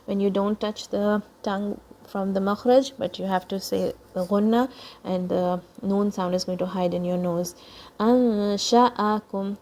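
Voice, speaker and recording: A woman teaching children Quran recitation, patiently explaining each sound and modeling words slowly for them to copy. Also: mid-range voice, flat delivery, warm tone. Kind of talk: children's tajweed lesson.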